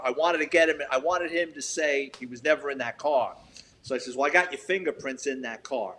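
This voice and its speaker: A man's voice: mid-range voice, lively intonation, fairly quick, bright, forceful tone, a little hiss or hum. An older man, a retired detective telling stories in an interview, blunt and profane, acting out quoted dialogue. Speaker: retired police detective, guest. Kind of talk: storytelling interview.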